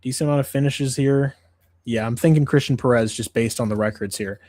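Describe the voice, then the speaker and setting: A man's voice: medium pitch, brisk, darkish tone, no room sound. A man hosting a casual MMA livestream, ranting in a profane, exasperated way. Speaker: MMA show host.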